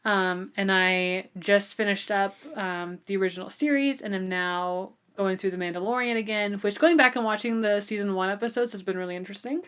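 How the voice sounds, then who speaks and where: A woman's voice: medium pitch, fairly quick, few pauses, fairly bright tone, clear, resonant tone. A woman co-hosting a book podcast in casual chat, chatty and giggly with lots of ums. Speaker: podcast co-host.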